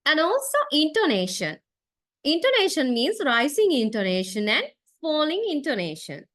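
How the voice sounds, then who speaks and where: Woman lecturer, fairly high voice, dry close sound, explains point by point with lots of uh fillers and a "right?" tag. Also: big pitch swings, normal speed, fairly bright tone, no echo. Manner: explanatory, step by step. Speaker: university lecturer. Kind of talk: classroom lecture.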